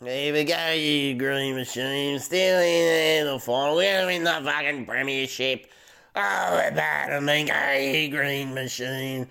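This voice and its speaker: Lady putting on a boozy aussie country bloke, swearing, slow drawl. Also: sits low, gravelly, fairly bright tone, clean tone, heavily acted. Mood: rowdy teasing. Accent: Australian. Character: rowdy middle-aged male country bloke. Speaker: voicemail caller.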